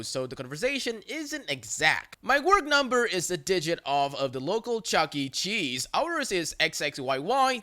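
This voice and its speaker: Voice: mid-range voice, bright, forceful tone. A narrator reading an internet story aloud in a dry, matter-of-fact way.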